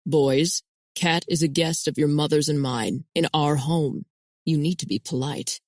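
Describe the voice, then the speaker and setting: A kind, fatherly older man speaks up calmly to set limits, read by a woman narrator. The voice stays low and dry and close to the mic. His delivery is steady. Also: measured pace, no echo. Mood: admonishing.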